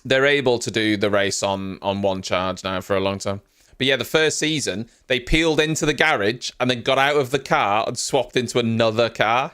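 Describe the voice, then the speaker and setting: A man's voice: mid-range voice, fairly bright tone, clear, resonant tone. A man hosting a live stream, giving casual, rambling reaction commentary and often poking fun at himself. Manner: rambling, self-mocking, chatty.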